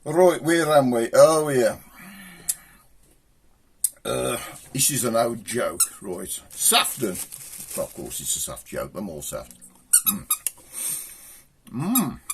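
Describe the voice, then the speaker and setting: A man's voice: medium pitch, sing-song, slow pace, pauses often, breathy edge. An older man rambling through jokes and stories in a chatty, self-amused way. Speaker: joke teller. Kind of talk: casual storytelling monologue.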